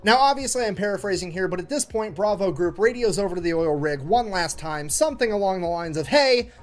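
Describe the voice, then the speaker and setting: A man's voice: high voice, expressive, quick pace. A man narrating military history in a comedic, sarcastic and punchy way, with faint music behind him.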